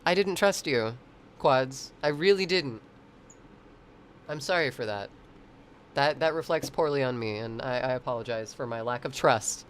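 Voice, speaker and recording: A man's voice: medium pitch, moderate pace, pauses often, a bit bright, slight background noise. A man streaming and chatting casually with viewers, rambling, swearing freely and laughing often. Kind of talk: casual chat.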